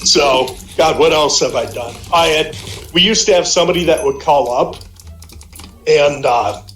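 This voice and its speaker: A man's voice: on the high side, measured pace, fairly bright tone, a little hiss or hum. A middle-aged man on a voice call, telling heated, profanity-laced stories in a casual way. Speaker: guest on a call. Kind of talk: casual storytelling. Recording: roomy echo, faint music behind.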